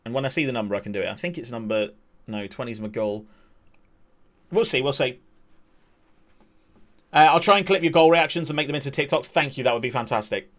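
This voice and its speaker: A man's voice: brisk, pauses often. A young man streaming a football match, calling the play-by-play and chatting with viewers in between. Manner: excitable play-by-play that surges in pitch at attacks, chatty asides to chat. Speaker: streamer and amateur match commentator. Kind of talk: live watch-along commentary mixed with reading chat.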